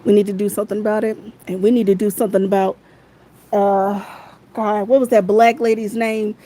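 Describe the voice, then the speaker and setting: A woman rants angrily into her phone on a livestream, swearing freely and circling back to the same phrases again and again. Her voice is warm and mellow, with a soft, dark tone even as she gets heated. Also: medium pitch, fairly quick, poor audio. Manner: heated, profane, repeats phrases. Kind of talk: angry livestream rant.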